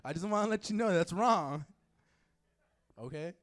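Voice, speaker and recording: Male youth pastor, fairly high voice, casual sermon full of jokes and asides. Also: lively intonation, moderate pace. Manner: joking, playful asides to the audience.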